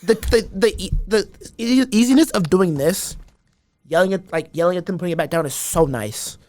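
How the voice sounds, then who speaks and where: A man's voice: high voice, normal speed, a little mellow, dry recording. A man guest on a podcast, chatting casually and animatedly, rambling with lots of restarts. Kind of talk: casual chat.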